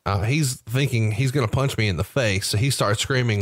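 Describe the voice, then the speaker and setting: Lively storytelling podcast host, man. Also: medium pitch, moderate pace, dry recording, studio quality. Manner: animated storyteller, asks questions. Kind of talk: casual storytelling chat.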